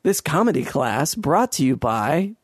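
A man's voice: on the high side, big pitch swings, a little slow, husky, no room sound, clean studio sound. A man in a casual monologue, ranting in a sarcastic, profane and rambling way.

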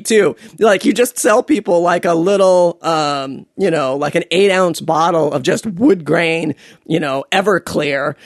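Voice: mid-range voice, no room sound. Podcast host rambling a funny story, voice bounces all over, dry close mic. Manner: digressive, jokey, lots of fillers and asides. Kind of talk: rambling comedic monologue.

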